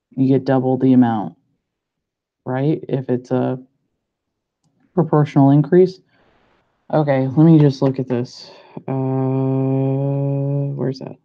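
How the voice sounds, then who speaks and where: Young man muttering through math problems. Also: mid-range voice. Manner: muttering to himself, unhurried, self-doubting. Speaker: pharmacy student. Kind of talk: thinking aloud while working practice problems. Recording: muffled lo-fi recording.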